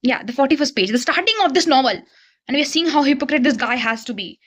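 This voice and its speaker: A woman's voice: high-pitched, lively intonation, fast, dull audio. A young woman, reviewing a book to camera in an exasperated, ranting way. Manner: exasperated, ranting, talks straight to viewers.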